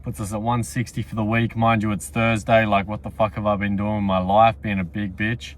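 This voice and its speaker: A man's voice: lowish voice, little pitch movement, brisk. A young man vlogging casually to camera, blunt and full of swearing, at times out of breath. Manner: blunt and profane, talking to camera. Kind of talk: casual vlog talk.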